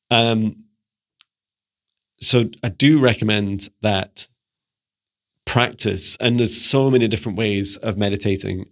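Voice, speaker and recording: Gravelly-voiced man giving relaxed spiritual advice. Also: lowish voice. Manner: relaxed, chatty, laughs often and acts out little voices. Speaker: spiritual mentor. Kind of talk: casual spoken teaching to camera.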